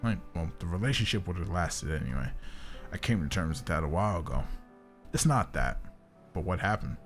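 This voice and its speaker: A man's voice: low-pitched, animated, a little fast, soft background music. A man reading as a guilt-wracked young man. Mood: despairing. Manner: bitter, self-blaming confession.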